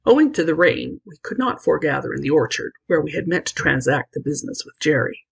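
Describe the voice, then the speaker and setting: A woman reading a classic children's novel aloud in an expressive, lively narration. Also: low-pitched, quick pace, gravelly, husky, rough recording. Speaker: audiobook reader. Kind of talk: scripted storybook narration.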